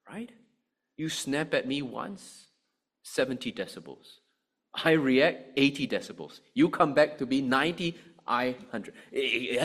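A man preaching a sermon, animated, with frequent rhetorical asides to the congregation. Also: on the high side. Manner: animated, rhetorical "right?" asides, acts out angry voices.

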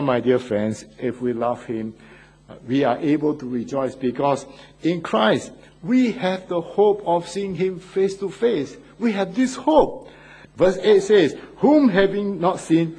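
A man's voice: medium pitch, mellow, husky, rough recording. A man preaching a sermon in an earnest way, repeating phrases and lifting his voice on key words.

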